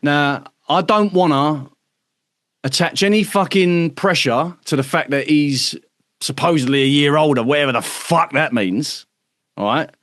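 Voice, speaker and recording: A man's voice: on the high side, measured pace, fairly bright tone, no room sound, clean studio sound. A man hosting an online workshop, talking casually and emphatically, with lots of swearing and tag questions like "right?". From United Kingdom. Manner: acts out other people's voices mid-talk. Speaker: workshop host. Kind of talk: casual livestream talk to members.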